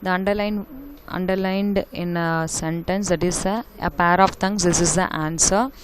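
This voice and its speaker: Woman teacher, Indian English accent, lowish voice, patient and repetitive explainer; faint background noise. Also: fairly even intonation, moderate pace. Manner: repetitive, explains each line in simple words. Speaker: school teacher. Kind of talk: explaining a prose lesson.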